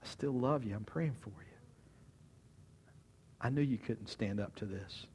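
Brief: male preacher voicing a serene, loving teacher, soft and measured. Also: a little hiss or hum, close to an everyday voice. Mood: tender. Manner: gentle and steady, sometimes low and soft. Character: calm, loving male teacher foretelling his fate.

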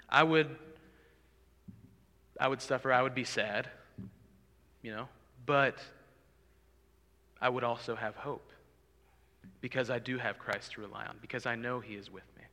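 Casting note: male preacher, earnest and pleading, bright forceful tone, long hall reverb. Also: mid-range voice, fairly even intonation, normal speed, pauses often. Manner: earnest, pleading, swells loud for emphasis. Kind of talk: sermon.

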